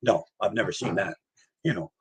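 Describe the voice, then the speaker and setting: Here a low, gravelly male voice comes through at a moderate pace, with a little background noise. He's an older paranormal investigator telling personal stories in a loose, casual interview, often laughing and mimicking the voices of the people he describes.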